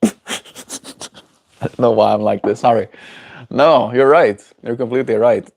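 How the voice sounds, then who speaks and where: A man's voice: medium pitch, steady tone, moderate pace, gravelly, pauses often, darkish tone. A man chatting casually on his daily livestream, rambling and playful as he answers his chat. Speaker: daily streamer.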